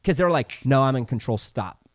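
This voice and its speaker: A man co-hosting a podcast tells stories in casual chat, animatedly acting out the voices of the people he quotes. His mid-range voice moves at normal speed, captured with clean studio sound and no echo.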